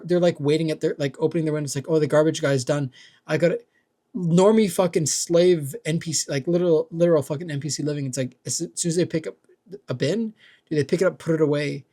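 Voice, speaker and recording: Gravelly young man ranting. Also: fairly high pitch, darkish tone. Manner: rambling, profane, heavy use of "like" and "dude". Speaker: vlogger. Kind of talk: casual rant.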